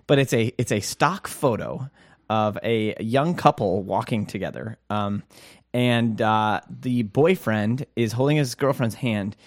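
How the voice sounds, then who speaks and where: A man's voice: medium pitch, no room sound, clean studio sound. A man co-hosting a podcast in casual chat, jokey and rambling with fillers. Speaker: podcast co-host.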